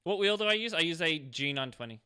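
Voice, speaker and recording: A man's voice: on the high side, expressive, quick pace, pushed and bright, clean tone. A man live-streaming a driving game, chatting casually with viewers and reading their messages aloud between frequent fillers.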